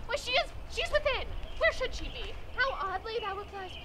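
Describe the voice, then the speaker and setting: Young woman as a high-voiced eager girl, pleading and impatient, outdoor stage, loud noise behind. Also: expressive, normal speed. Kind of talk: outdoor amateur Shakespeare performance.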